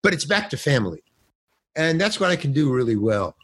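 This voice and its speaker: Recorded over a phone or remote call with no room sound, an older actor and stand-up comic spins stories during a relaxed interview. He voices the characters himself in a lively way, his slightly high voice husky and fairly quick.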